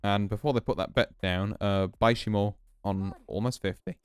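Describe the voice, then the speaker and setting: Male streamer, smooth clear voice, dry close sound, faint music underneath; relaxed, thinking out loud over poker hands. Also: lowish voice, moderate pace, no echo. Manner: relaxed, musing, explains hands as he plays. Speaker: VTuber streamer. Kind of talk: casual poker play commentary.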